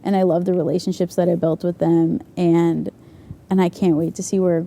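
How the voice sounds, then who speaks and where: A woman's voice: fairly low pitch, level tone, moderate pace, creaky, warm tone. A young woman youth leader chatting casually, giggling and saying "like" a lot as she tells stories. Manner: bubbly, giggly storyteller, says "like" a lot. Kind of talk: casual chat.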